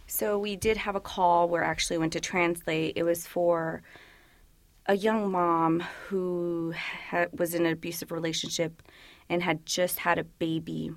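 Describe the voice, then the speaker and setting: A woman's voice: lowish voice, steady tone, unhurried, no echo. A woman police officer whose parents are from El Salvador, chatting freely in an interview with lots of "you know" and acted-out quotes. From United States, parents from El Salvador. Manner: chatty, many fillers, acts out quoted people. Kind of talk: casual interview answers.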